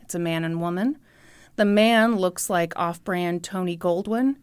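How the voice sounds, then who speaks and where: A woman's voice: fairly low pitch, measured pace, clean tone, no room sound. A woman co-hosting a comedy chat show, telling a story in a playful, teasing way. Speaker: podcast co-host.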